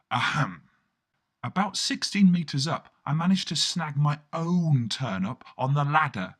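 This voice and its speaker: A man's voice: a little high, big pitch swings, unhurried, a bit bright. A man narrating a first-person comic story in a wry, rambling, self-mocking way.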